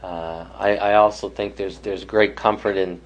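A man leading a Bible study class, explaining scripture thoughtfully with frequent pauses and restarts. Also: lowish voice, fairly even intonation.

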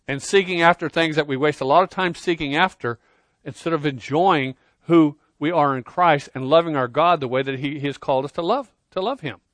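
A man preaching a sermon, earnest, swinging between loud emphasis and quiet intensity, often repeating words as he starts a phrase. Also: a little high, dry recording. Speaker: pastor.

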